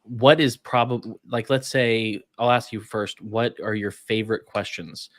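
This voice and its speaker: A man's voice: fairly low pitch, steady tone, a little slow, fairly bright tone, no room sound, studio quality. A male podcast host asking questions in a casual interview, with a hesitant, searching way of talking.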